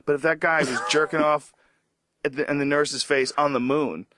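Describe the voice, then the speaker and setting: A man's voice: on the high side, fairly even intonation, normal speed, bright, forceful tone. A man in casual podcast chat, riffing with profane comic exaggeration. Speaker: podcast talker. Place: podcast studio.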